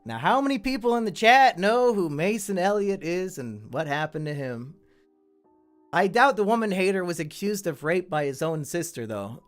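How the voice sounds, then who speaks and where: A man's voice: high voice, expressive, moderate pace, faint music behind. A man hosting a live stream, reading out viewer stories and commenting to the chat in a blunt, crude, freely swearing way. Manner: chatty asides to the chat.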